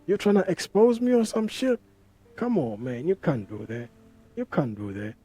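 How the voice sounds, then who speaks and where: A man's voice: a little high, very animated, moderate pace, warm tone, soft background music, pitched above the performer's own voice. A man briefly putting on the voice of an annoyed rich man who brushes off a rumor in a laid-back, defensive way.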